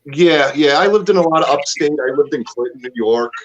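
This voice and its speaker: A man's voice: fairly high pitch, animated, a little fast, lo-fi sound, slight background noise. Man with a mixed Northeastern accent. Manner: friendly, joking, self-deprecating. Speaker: interview host. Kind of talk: casual interview chat.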